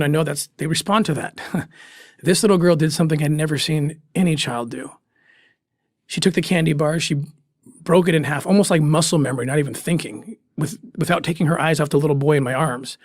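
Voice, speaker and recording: Earnest man telling a story, halting with emotion. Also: fairly high pitch, no echo, studio quality. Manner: earnest, halting, restarts when moved. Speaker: guest recounting undercover work.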